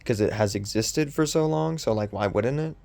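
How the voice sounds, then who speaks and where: A man's voice: mid-range voice, normal speed, vocal fry, a little mellow. A young man hosting a podcast, rambling casually with lots of ums and restarts, in a voice that sounds sarcastic. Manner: meandering, with many ums and restarts. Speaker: podcast host.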